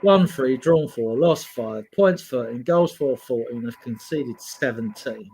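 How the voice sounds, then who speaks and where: A man co-hosting a football fan podcast, talking through results and tactics in a measured, analytical way. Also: medium pitch, lively intonation, a little mellow, a little hiss or hum, low-quality recording. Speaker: podcast co-host. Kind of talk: casual football chat.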